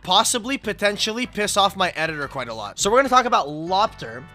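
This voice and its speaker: A young man hosting a casual stream chat, excitable and quick to shout and swear when hyped. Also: high voice. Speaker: streamer host. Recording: game music in the background.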